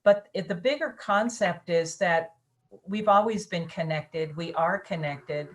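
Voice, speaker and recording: A woman with a fairly low voice co-hosts a relaxed spiritual conversation. She explains ideas reflectively, circling back and restarting as she searches for words. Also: unhurried. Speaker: co-host. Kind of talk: casual spiritual chat.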